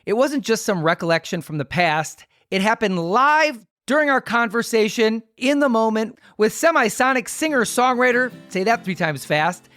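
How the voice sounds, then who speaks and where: A podcast host leads into an interview question with a prepared setup, speaking at a middle pitch. The sound is close and dry. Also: expressive, moderate pace, few pauses, a bit bright, no room sound, faint music behind.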